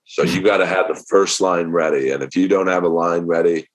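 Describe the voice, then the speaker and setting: Very deep-voiced man telling stories. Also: a little fast. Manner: animated storyteller acting out quotes. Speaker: comedian guest. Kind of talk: casual podcast storytelling.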